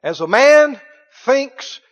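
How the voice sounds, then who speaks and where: Man, sermon, high lively voice, emphatic folksy delivery, muffled recording. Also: slow, soft background music. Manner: folksy, emphatic, repeats phrases for effect. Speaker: pastor.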